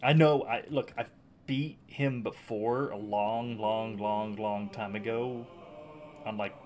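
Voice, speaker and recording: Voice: mid-range voice, steady tone, slow pace, darkish tone. A young adult gaming host giving live commentary on a boss fight, panicky and exclaiming, often repeating himself. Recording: game music behind the voice.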